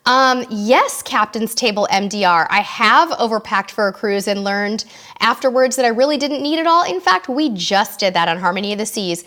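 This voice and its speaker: A woman's voice: mid-range voice, animated, moderate pace, bright, forceful tone. A woman hosting a casual live-stream Q&A, reading out viewers' questions and answering them in a friendly, chatty way. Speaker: host of a live cruise Q&A.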